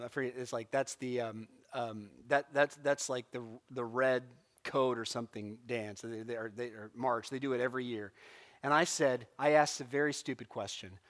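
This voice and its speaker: A middle-aged man from California teaching a church Bible class, telling stories with acted-out quotes and laughs. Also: mid-range voice. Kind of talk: casual Bible lesson.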